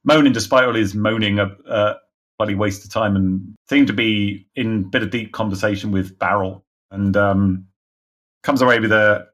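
A man's voice: on the low side, fairly bright tone. Hesitant game master man narrating. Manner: rambling, hesitant, laughs often. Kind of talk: narrating and explaining a tabletop game.

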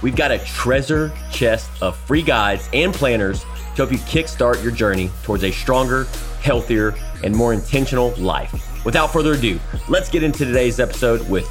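A man reading a scripted podcast promo in an upbeat, smooth announcer style. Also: medium pitch, lively intonation, moderate pace. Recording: faint music bed behind voice.

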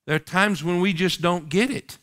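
A man's voice: high voice, normal speed, a bit bright. Man preaching with rhetorical questions. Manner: reads King James scripture aloud. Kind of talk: sermon.

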